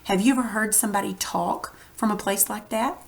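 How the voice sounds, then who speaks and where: A woman's voice: medium pitch, a little fast, vocal fry. Texan woman teacher, conversational, walks kids through a reading lesson. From Texas. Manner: friendly explaining, conversational.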